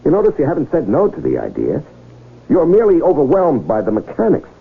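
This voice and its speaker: An actor playing a theatrical, smooth-talking con man in a 1970s radio drama, wheedling and teasing. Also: a little high, huge pitch swings, quick pace, exaggerated voice. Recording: tinny old radio broadcast.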